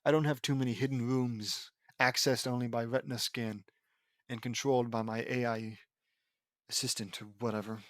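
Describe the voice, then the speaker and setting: A man's voice: medium pitch, flat delivery, normal speed, a bit bright, dry recording. A man reading fan fiction aloud and breaking off into sarcastic, mocking commentary. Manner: sarcastic, mocking, easily exasperated.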